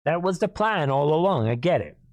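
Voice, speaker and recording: A hoarse man hosting a political commentary monologue, emphatic, repeatedly clearing his throat and calling out to listeners as "people". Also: a little high, big pitch swings, a little fast, darkish tone, no echo. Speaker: host.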